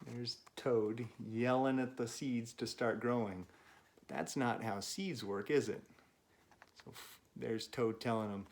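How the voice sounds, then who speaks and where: A man reading a picture book aloud to children, with gentle chatty asides to young listeners. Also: medium pitch, fairly even intonation, takes it slowly, slight background noise. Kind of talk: read-aloud storytime for kids.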